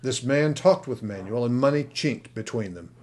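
A man reads a storybook aloud in a steady, expressive way. His voice sits in an ordinary middle pitch for a man. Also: moderate pace. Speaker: audiobook narrator. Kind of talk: scripted narration.

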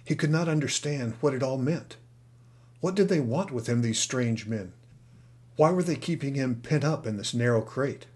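A man narrating an audiobook in a steady, expressive storytelling manner. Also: medium pitch, moderate pace. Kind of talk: scripted narration.

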